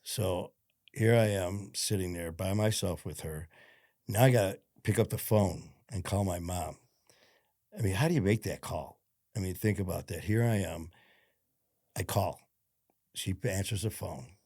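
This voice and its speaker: Deep-voiced man telling war stories. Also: a little slow, long pauses, darkish tone, no echo, studio quality. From Detroit, USA. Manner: rambling, profane, frank, with many fillers. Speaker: podcast guest, former police officer. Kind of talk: casual storytelling interview.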